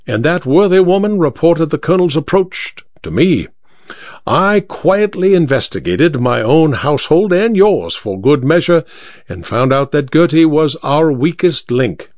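A shrewd Victorian detective, played by a man, bland and utterly sure of himself, with a fairly high voice that rises and falls a lot. The recording is dry and somewhat dull. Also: darkish tone, dry recording. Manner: crisp, bland and self-assured.

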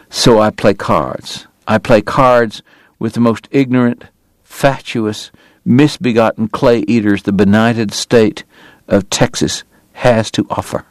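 A man's voice: medium pitch, dry recording, clean studio sound, pitched above the performer's own voice, lightly acted. A man voicing a bitter, ailing frontier dentist who speaks in a formal, biting and strained way. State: sick, coughing.

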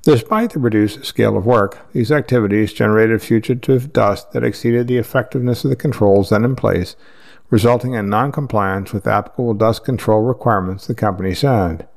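A man reading news articles aloud in a steady, measured way, with the odd slip. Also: fairly low pitch, vocal fry. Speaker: news reader.

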